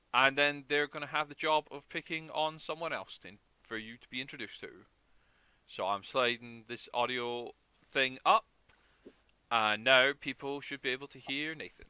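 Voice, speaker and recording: A man's voice: mid-range voice, bright, forceful tone, clean tone, dry recording. A man hosting a charity stream over a video call, chatting in a rambling, jokey way. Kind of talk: casual chat.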